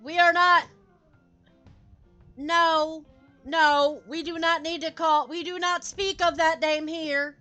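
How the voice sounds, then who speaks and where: A woman's voice: extremely high pitch, steady tone, slow pace, long pauses, bright, forceful tone, faint music behind. A woman streaming a game live and chatting with her viewers in a rambling, playful way, slipping into silly voices.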